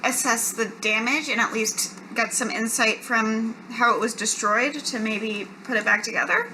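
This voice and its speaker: Bright-voiced, pressing woman player. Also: a little high, fairly even intonation, normal speed, slight background noise, rough recording. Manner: questioning, pressing.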